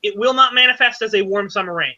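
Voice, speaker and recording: A man running a tabletop game as game master, explaining rules haltingly with many fillers. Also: sits high, sharp tone, lo-fi sound.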